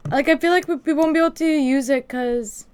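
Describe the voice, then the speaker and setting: Chatting with viewers from her bedroom, a streamer rambles along in a casual way, peppering her talk with "like." She has a high, slightly mellow voice and speaks briskly.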